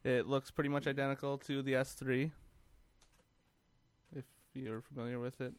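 A man's voice: mid-range voice, flat delivery, moderate pace, clean tone, no echo. Dry-voiced male podcast co-host. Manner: laid-back, rambling, dry jokes. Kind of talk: casual chat.

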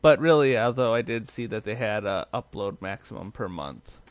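A podcast co-host with a fairly low, animated voice talks at normal speed about tech news in a casual way. He often trails off mid-thought.

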